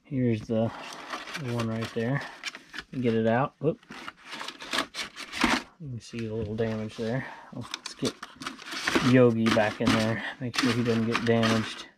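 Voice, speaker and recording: Heavy background noise surrounds this Southern California reseller as he casually chats with viewers about items he's selling, rambling along. His mid-range voice stays level and unhurried, broken by long pauses.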